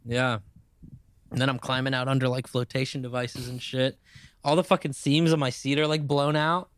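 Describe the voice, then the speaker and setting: Guy on a podcast telling a long sweary story, mid-pitch voice, dead dry sound. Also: brisk, no room sound. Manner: profane, animated anecdote-telling with laughs. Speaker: podcast co-host. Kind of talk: casual chat, storytelling.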